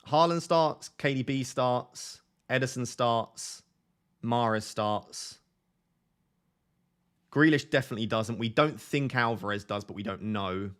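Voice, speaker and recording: A man's voice: mid-range voice, measured pace, fairly bright tone. A man hosting a casual fantasy football live stream, reading viewer comments aloud and joking and laughing with them.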